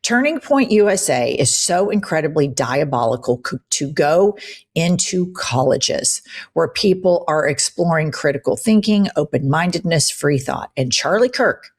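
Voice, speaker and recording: Low-voiced woman ranting in political commentary. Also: lively intonation, measured pace, breathy edge. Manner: blunt, profane and emphatic.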